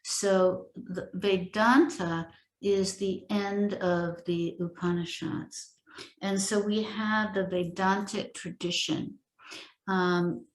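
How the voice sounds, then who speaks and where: A middle-aged woman giving an informal spiritual teaching, explaining gently and haltingly with many pauses and self-corrections. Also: medium pitch. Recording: roomy echo.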